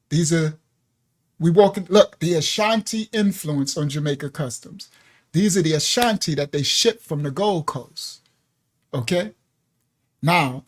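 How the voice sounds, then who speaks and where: A man hosting a livestreamed religious teaching, talking casually and emphatically to viewers at home and laughing often. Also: high voice. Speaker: ministry teacher.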